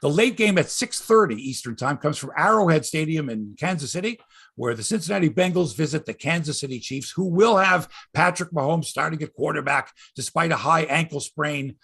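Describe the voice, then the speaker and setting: A man's voice: a little high, fairly quick, creaky, slightly rough. A man hosting a sports podcast, rambling and joking in casual chat. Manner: rambling, jokey, animated.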